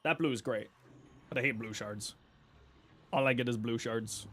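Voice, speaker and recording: A man's voice: medium pitch, normal speed, fairly bright tone, a little hiss or hum. A man streaming a video game, chatting casually and reading his viewers' questions aloud before answering them offhandedly. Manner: easygoing, chatty, jokey. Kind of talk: casual live-stream chat while gaming.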